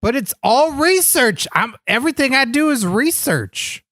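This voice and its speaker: Goofy man with a swooping, lively voice. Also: very high-pitched, a little slow, no room sound, clean studio sound. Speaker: podcast co-host. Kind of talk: comedic podcast banter.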